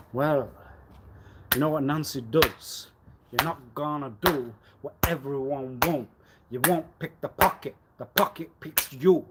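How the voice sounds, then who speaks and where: A man rambling on a live stream, repeating himself and swinging suddenly between loud and quiet. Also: medium pitch, background noise. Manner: erratic, repetitive, with sudden swings in loudness. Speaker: livestreamer.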